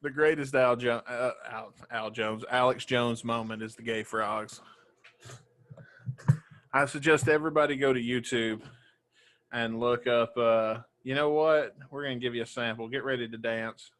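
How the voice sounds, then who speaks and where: A man's voice: medium pitch, fairly even intonation, normal speed, a bit bright. A man co-hosting a music podcast in laid-back casual chat, swearing casually. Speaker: podcast co-host.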